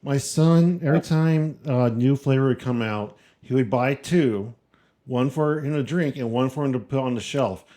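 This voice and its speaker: A man co-hosting a casual chat show, telling relaxed stories about his family. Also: mid-range voice, moderate pace.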